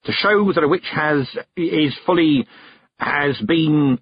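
A man reading aloud, voicing a stern, proud old woman witch with a husky, brisk and commanding manner. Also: on the high side, pitched above the performer's own voice, full character voice. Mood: gruff. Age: older. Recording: dull, dry close recording.

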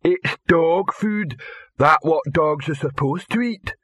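Dim hulking troll, slow blunt talk, man putting it on, husky. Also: on the high side, fairly bright tone, no echo, clean studio sound, voice pushed up. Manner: slow, blunt broken speech.

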